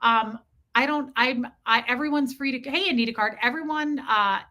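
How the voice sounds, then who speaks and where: A woman's voice: a little high, moderate pace. A woman hosting a casual live stream, reading chat messages aloud and greeting viewers by name, talking in an effusive, repetitive way. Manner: effusive, repeats herself, shout-outs to chat names. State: cold, freezing. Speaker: livestream host. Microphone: streaming mic.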